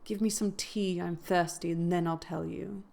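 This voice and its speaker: A woman's voice: on the low side, fairly even intonation, normal speed, gravelly, warm tone. A woman reading aloud, voicing a sickly, selfish teenage boy who sounds whiny and demanding. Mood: petulant.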